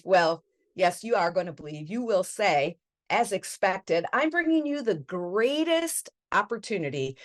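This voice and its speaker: A woman hosting an interview show, speaking in an enthusiastic, motivational and encouraging way. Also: mid-range voice. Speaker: host.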